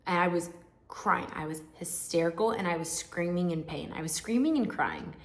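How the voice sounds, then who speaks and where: A woman's voice: on the low side, moderate pace, roomy sound. A young woman vlogger telling her own story to camera in a frank, emotional, chatty way with many asides. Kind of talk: candid personal storytelling to camera.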